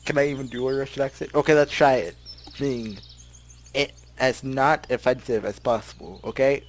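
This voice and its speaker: A man's voice: mid-range voice, steady tone, normal speed, a little hiss or hum. A man at home in his bedroom, reading a visual novel's text aloud and chatting about it in a rambling, giggly way, often tripping over his words. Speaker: let's play gamer. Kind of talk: casual let's play commentary, reading game text aloud.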